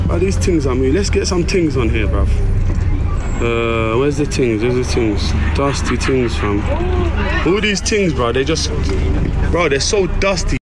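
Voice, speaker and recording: A young man bantering and teasing in rapid street slang, streaming from a crowded bus on his phone. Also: medium pitch, expressive, heavy background noise. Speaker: vlogger.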